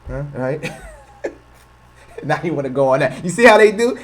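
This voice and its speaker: A man's voice: a little high, very animated, fairly quick. Impassioned man hosting a livestream. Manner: impassioned, rhetorical, repeats himself for emphasis. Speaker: channel host. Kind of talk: livestream commentary.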